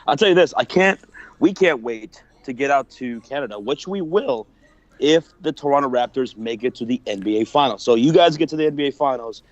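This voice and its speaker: A man calling in to a sports talk stream, friendly and relaxed as he breaks down the game. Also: mid-range voice, a little fast, dry recording, highs cut off. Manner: friendly, relaxed, says man and brother a lot. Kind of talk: casual sports analysis.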